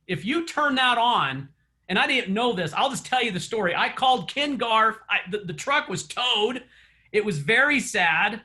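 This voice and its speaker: A man with a high, bright voice gives a chatty coaching session, spinning stories and laughing often. He speaks to his group of real estate agents over an online meeting. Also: lively intonation, moderate pace.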